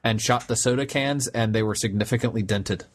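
A man's voice: medium pitch, brisk. A young man chatting casually on a podcast, rambling with many restarts and fillers. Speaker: podcast co-host. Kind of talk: casual chat.

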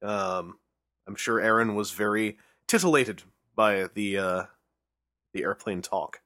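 Male podcast host, bright and eager, rambling casual chat, dry close sound. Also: on the low side, unhurried, no room sound. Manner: enthusiastic, rambling with fillers.

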